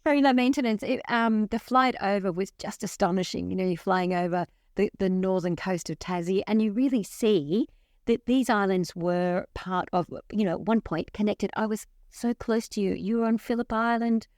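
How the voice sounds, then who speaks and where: A woman's voice: medium pitch, moderate pace, dry recording, clean studio sound. Chatty woman podcast co-host. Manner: chatty, laughs often, animated. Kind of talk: casual chat.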